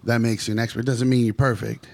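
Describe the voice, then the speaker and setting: A man from California hosting a casual roundtable talk, relaxed and thoughtful, asking reflective questions. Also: medium pitch, fast talker, gravelly, dry recording. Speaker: podcast host.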